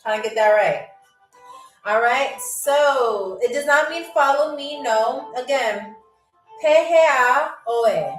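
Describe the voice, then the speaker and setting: A woman hosting a live game show stream, chatty and playful, laughing often and sounding out foreign words slowly as she reads out viewers' messages. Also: high voice, far from the mic. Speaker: livestream game show host. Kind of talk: casual livestream hosting, reading out chat. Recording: echoey room, voice set back from the mic, faint music.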